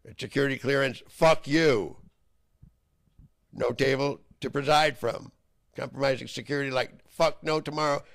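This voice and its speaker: A man in an angry, rambling monologue, his voice gravelly and rough with fry. He curses freely and keeps breaking into loud outbursts, pitched around a typical male middle. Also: normal speed, long pauses.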